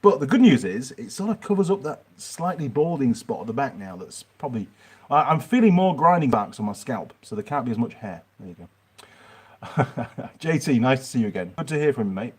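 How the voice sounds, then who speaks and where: A man's voice: mid-range voice, big pitch swings, fairly quick, slightly rough. A middle-aged man with a Yorkshire accent, hosting a rambling livestream Q&A from his workshop. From Yorkshire, England. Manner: chatty, rambling, answers viewer questions. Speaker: mechanic channel host. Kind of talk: livestream Q&A chat.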